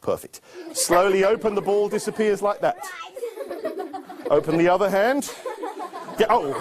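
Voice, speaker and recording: A children's magician talks young volunteers through his tricks in a playful, coaxing way. His voice sits a little high and swoops about with lively energy. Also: a little slow, pauses often, a crowd in the background. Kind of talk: live magic show with teaching.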